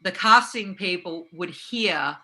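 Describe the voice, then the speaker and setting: A woman talks shop as an interview guest, her voice low-pitched but bright and forward. She is animated and quick to laugh, with plenty of fillers. She speaks in a relaxed, conversational way. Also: rough recording. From Australia. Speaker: guest, actress and acting coach.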